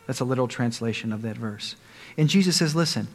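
A man's voice: on the high side, animated, fast. Preacher man in a reverberant hall. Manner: emphatic, rising loud on quoted lines. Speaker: pastor. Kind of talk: sermon.

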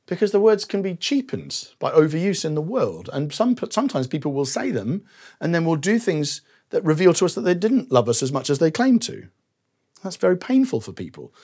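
Husky-voiced man preaching a sermon. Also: on the high side. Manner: warm, personal storytelling with self-deprecating asides. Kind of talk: conversational sermon.

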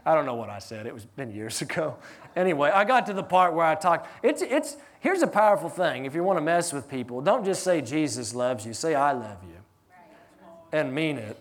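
A man preaching a sermon as pastor, animated, swinging between loud emphatic lines and hushed ones, laughing through his stories. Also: fairly high pitch, normal speed.

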